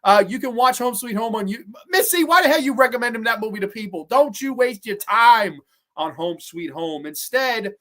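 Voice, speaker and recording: Ranking horror films on a casual livestream, the podcast host speaks in an animated, medium-pitched, somewhat bright voice at a moderate pace. The rambling is blunt and profane, with restarts and trailing asides while answering viewers.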